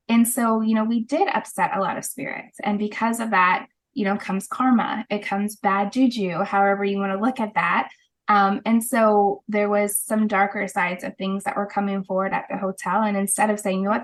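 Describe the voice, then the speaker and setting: Brisk woman telling her story. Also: medium pitch. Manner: animated storyteller, brisk with frequent laughs. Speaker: guest, holistic practitioner. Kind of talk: casual interview storytelling.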